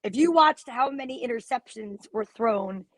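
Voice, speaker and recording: Chatty higher-voiced woman, dry sound. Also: moderate pace, no echo. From New Jersey. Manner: animated, gossipy storyteller. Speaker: co-host. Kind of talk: casual sports chat.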